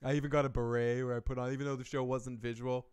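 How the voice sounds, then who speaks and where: Male host, casual live-stream chat, rambling with profanity, clear resonant voice. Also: medium pitch, level tone, quick pace, a little mellow. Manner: rambling, profane, chuckling asides. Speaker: show host.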